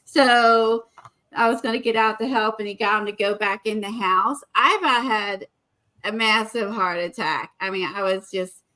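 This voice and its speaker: Woman vlogging, chatty and rambling, lots of ums, bright kinda sharp voice. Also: mid-range voice, normal speed. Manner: chatty storytelling with many fillers. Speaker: art vlogger. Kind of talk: casual chat.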